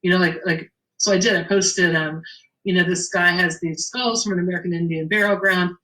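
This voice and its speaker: A middle-aged woman tells a story from her shop in an easygoing interview. Her voice is bright and forward, and she plays out every bit of dialogue with lively jumps in pitch. She laughs easily along the way. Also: brisk, poor audio. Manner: animated storyteller, acts out the dialogue, laughs often. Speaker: shop owner telling a story. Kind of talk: casual anecdote in an interview.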